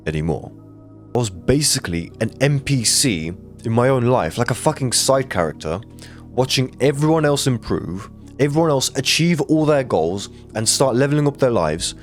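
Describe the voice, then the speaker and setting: A young man telling a personal story to the camera in a blunt, earnest way, swearing often. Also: lowish voice. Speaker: creator giving life advice.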